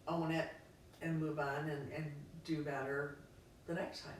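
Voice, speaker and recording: A woman talks things through in a reflective, searching way, dotting her sentences with fillers. Her voice sits on the lower side. The recording is very echoey, picked up from a distance with faint noise behind. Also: little pitch movement, a little slow. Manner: reflective, thinking aloud with many fillers. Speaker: podcast co-host. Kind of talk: casual conversation.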